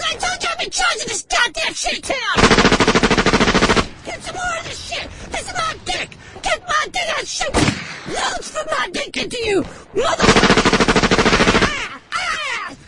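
Unhinged male scorpion caller with a very high voice, manic and profane, heard over a noisy line. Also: full character voice. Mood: frenzied. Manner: profane, manic, shouting, stammering. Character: deranged male scorpion, unhinged war-veteran ranting.

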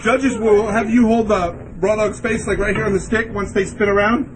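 A man's voice: high voice, steady tone, moderate pace, recorded from a distance. A young man running a silly contest in casual banter, bossy and swearing a lot. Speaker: contest organizer. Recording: off-mic in a noisy room.

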